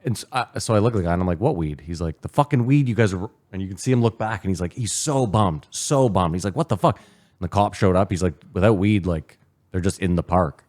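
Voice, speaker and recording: A man from Canada with a very low voice tells stories on a podcast. He is a co-host in his forties, chatting casually and swearing freely. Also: fast talker. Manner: swearing, animated storyteller. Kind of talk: casual chat.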